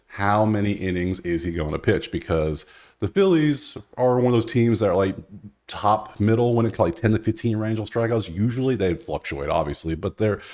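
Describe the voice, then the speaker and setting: Male betting host, lower register, casual running commentary with thinking-aloud asides. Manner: chatty, thinks out loud, talks to players directly.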